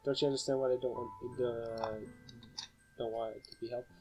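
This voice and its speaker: A man reading aloud the lines of a shy, troubled teenage girl from a visual novel game, in a quiet, subdued voice. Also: mid-range voice, little pitch movement, normal speed, music in the background, lightly acted. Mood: anguished.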